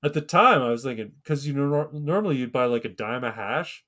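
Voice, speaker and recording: A man in his thirties talks on a casual podcast, rambling and swearing freely as he tells a story. His voice sits in an ordinary middle pitch, and he slips into the voices of the people he quotes. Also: lively intonation, brisk, fairly bright tone. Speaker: podcast co-host.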